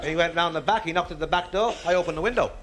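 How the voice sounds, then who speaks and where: A man telling brash stand-up jokes with deadpan punchlines. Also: on the high side, racing. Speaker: stand-up comedian. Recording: noisy live club recording. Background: loud audience laughter.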